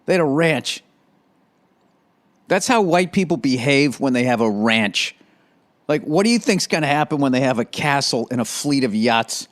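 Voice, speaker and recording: A man's voice: medium pitch, animated, moderate pace. A man hosting his podcast in a loose, profane, rambling comedic monologue. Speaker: podcast host.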